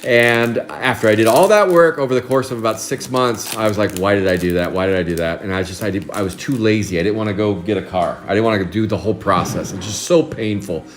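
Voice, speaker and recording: Forties guy from oregon rambling on a live card stream, chuckles a lot, kinda low voice. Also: a little fast, hardly any pauses, slight background noise. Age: 40s. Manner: rambling storyteller, chuckles often. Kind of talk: casual live stream chat.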